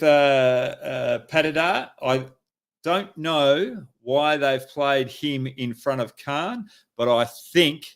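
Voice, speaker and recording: A man's voice: mid-range voice, a bit bright. A middle-aged Australian man hosting a live show, giving emphatic, coaching-style analysis with frequent fillers. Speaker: host.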